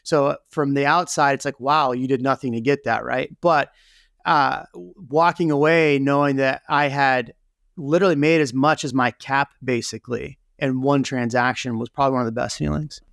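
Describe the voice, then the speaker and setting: Interview guest, male, gravelly tone, candid and chatty, dry sound. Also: medium pitch, steady tone, moderate pace, fairly bright tone, dry recording. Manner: candid, lots of fillers like "you know" and "right?". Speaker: real estate team leader, guest. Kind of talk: conversational interview storytelling.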